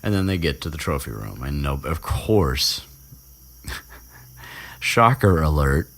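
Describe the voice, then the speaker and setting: A man's voice: very deep voice, sing-song, normal speed. A young man hosting a podcast, recapping a story in a rambling, casual way, chuckling and swearing freely. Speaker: podcast host.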